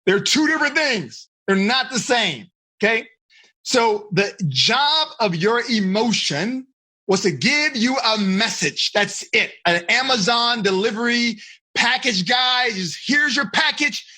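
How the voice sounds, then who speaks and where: Animated male life coach, bright slightly husky voice. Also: very high-pitched, measured pace. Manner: animated, asks the group questions often. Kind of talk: coaching lesson on a video call.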